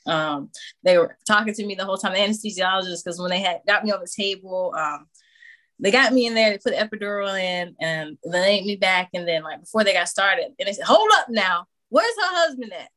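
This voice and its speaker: A woman of middle pitch tells a personal story as a podcast guest. She talks casually and with animation, acting out what others said and laughing often along the way. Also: brisk, a bit bright. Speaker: podcast guest, new mother.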